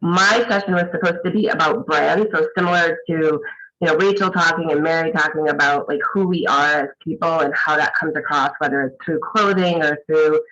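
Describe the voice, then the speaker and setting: A man speaking on a video call panel in a groggy morning voice, reflective and hesitant with many pauses. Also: on the high side, fairly even intonation, sharp tone, muffled recording. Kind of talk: casual video call talk.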